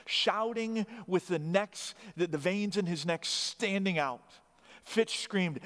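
Slow, dramatic male storyteller in a reverberant hall. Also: high voice, fairly bright tone. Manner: dramatic, emphatic, with rising bursts of emphasis.

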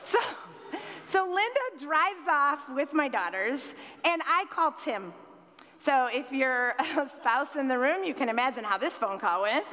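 A high-pitched woman in her forties tells a personal story to a live audience. She is lively, slips into other people's voices for quotes, and fills pauses with ums. Her voice rings through a large hall with a long reverb tail. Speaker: speaker telling a personal story.

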